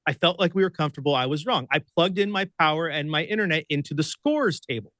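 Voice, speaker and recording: This Oregon radio producer and host speaks fast in a voice on the high side, and there's no room sound. Appearing as a guest, he gets excitable while he tells an animated story, laughing often and performing the voices of the people in it.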